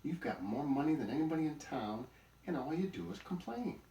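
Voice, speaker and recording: A man's voice: on the low side, expressive, moderate pace, darkish tone, muffled recording, a little hiss or hum, natural voice. A man voicing an old male buzzard grandpa in a storybook, sly, teasing and full of wisecracks. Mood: bossy. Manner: wisecracking, chuckling jokes. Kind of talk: storybook character voice. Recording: roomy recording, mic at a distance.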